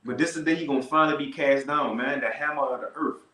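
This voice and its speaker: A man teaching scripture in a casual, slangy way, slowing down to read verses with emphasis. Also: mid-range voice, pushed and bright, roomy sound, rough recording. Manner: slow, emphatic scripture reading.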